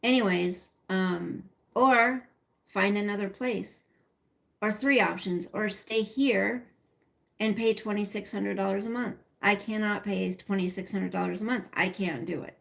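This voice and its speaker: A woman's voice: medium pitch, a little slow, vocal fry, a bit bright. A middle-aged woman hosting a casual livestream, rambling and chatty as she talks to viewers by name and reads their comments. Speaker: livestream host.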